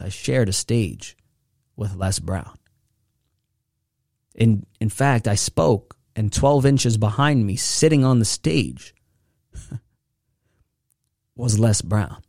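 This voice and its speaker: A man's voice: on the low side, slow, long pauses, dry recording. Fired-up motivational man, dry sound. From New York. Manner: preachy, building excitement. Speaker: motivational podcast host. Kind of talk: motivational speech.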